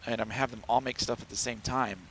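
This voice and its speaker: A man's voice: medium pitch, fairly even intonation, fast, fairly bright tone, a little hiss or hum, poor audio. A man from the central United States streaming a game from home, chatting and rambling to himself as he plays. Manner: chatty, rambling, talks to himself while playing. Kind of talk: casual gameplay commentary. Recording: stream with background music.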